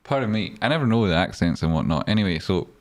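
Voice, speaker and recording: A man's voice: deep voice, animated, fast talker. A man reading out live chat and joking with viewers on a stream, swearing often. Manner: chatty, swears often, jokey banter. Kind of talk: casual livestream chat.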